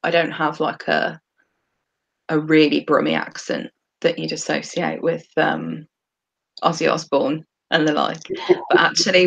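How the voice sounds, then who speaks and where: A woman's voice: deep voice, creaky. Chatty woman with a Birmingham accent. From England. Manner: chatty, drops her T's. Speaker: podcast co-host. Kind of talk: casual chat.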